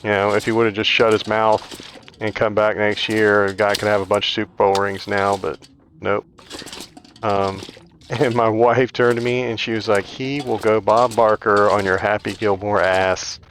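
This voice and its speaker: A man's voice: fairly low pitch, level tone, moderate pace, a bit bright, a little hiss or hum. A man hosting a gaming video, telling a rambling, chatty story while he plays, full of "like" fillers. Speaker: gaming channel host. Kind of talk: casual storytelling over gameplay.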